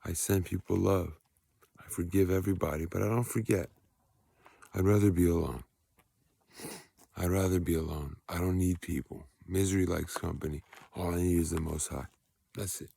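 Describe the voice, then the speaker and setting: A man's voice: deep voice, fairly even intonation, moderate pace, vocal fry, long pauses, warm tone, breathy edge, no echo. A man delivering a rambling, preachy vlog monologue while walking outdoors at night, talking into his phone, with faint outdoor noise around him. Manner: rambling, preachy, grows heated and emphatic. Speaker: vlogger.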